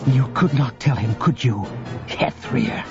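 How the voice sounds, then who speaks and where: A man's voice: mid-range voice, measured pace, creaky. A man voicing a defiant mother, fierce but sorrowful, who speaks in a firm, accusing way. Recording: dull lo-fi audio with music.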